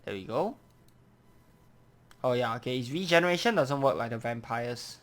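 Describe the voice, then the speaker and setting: A man's voice: medium pitch, moderate pace. Tired man, casual gameplay commentary. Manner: relaxed, dry and sarcastic. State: tired, yawning. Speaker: gameplay commentator reading dialogue.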